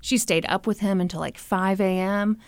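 A young woman hosting a podcast, telling a true crime story in an animated, chatty way full of "like" and "you know". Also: mid-range voice, moderate pace, no room sound. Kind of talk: casual storytelling chat.

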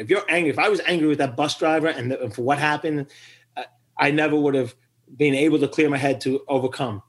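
A middle-aged man, a podcast guest, telling a story with lively acted-out quotes and frequent laughter. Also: on the high side, fast. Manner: animated storyteller who acts out quotes and laughs often. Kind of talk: storytelling interview.

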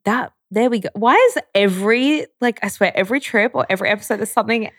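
A woman's voice: medium pitch, quick pace, fairly bright tone, dry recording, clean studio sound. A young woman co-hosting a podcast in casual chat, talkative and laughing easily, with a casual swear now and then. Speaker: podcast co-host.

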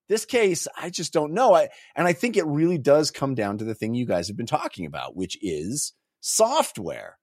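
Brief: an animated male co-host, lively and slightly high, dry close mic. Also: normal speed, no echo. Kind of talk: casual discussion.

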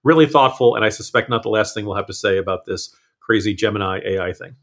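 A man's voice: on the low side, quick pace. A man on a podcast panel chatting casually, often restarting and correcting himself mid-sentence. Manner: rambling, frequent self-corrections.

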